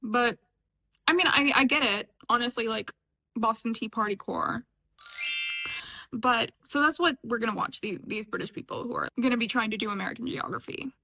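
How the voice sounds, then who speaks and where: High-voiced chatty young woman vlogger. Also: normal speed, vocal fry, pushed and bright, low-quality recording. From upstate New York. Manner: chatty and sarcastic, often laughing. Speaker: reaction vlogger. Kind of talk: casual chat.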